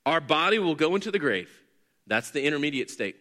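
Guy preaching a teaching sermon, kinda high bright voice, earnest and explainy. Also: very animated, brisk. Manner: earnest, explanatory, rising with emphasis on key points. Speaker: pastor or teacher.

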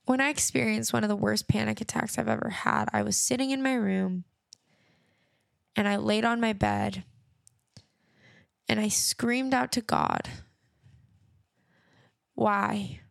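A young adult woman hosts her podcast, talking earnestly and reassuringly to listeners about her personal faith and often repeating phrases. Her mid-range voice is animated and creaky, at a normal speed with long pauses, recorded in clean studio sound with no echo.

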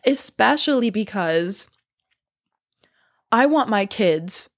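A woman's voice: medium pitch, expressive, slow. A young adult woman chatting to camera, rambling and profane, out of breath and with a sore throat. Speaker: vlogger. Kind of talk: casual chat to camera.

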